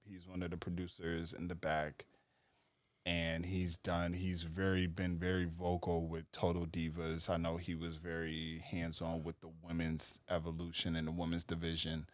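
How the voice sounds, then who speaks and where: Low-voiced man in dry, close chat. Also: normal speed, no echo. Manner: relaxed, explanatory, laughs often. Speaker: podcast co-host. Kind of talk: casual chat.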